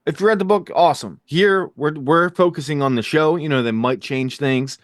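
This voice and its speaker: A man's voice: fairly high pitch, dry recording, studio quality. Upbeat man hosting a TV recap. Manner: energetic, jokey, fast asides. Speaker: podcast host. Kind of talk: casual TV recap chat.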